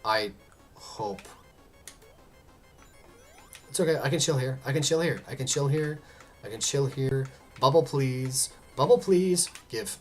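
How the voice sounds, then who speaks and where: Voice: medium pitch, fairly quick, faint music behind. A gamer giving casual commentary while playing, muttering encouragement to themselves and joking with chat. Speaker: let's play gamer.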